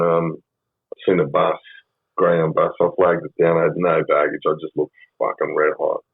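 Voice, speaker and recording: A deep, husky Australian man in his fifties tells his story in a loose, swearing, rambling way. His voice sounds dry and close, with no room around it, and the recording has a narrow, phone-like sound. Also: dry recording. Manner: rambling, profane, frequent ums. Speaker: podcast guest. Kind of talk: casual storytelling interview. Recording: phone-like band-limited sound.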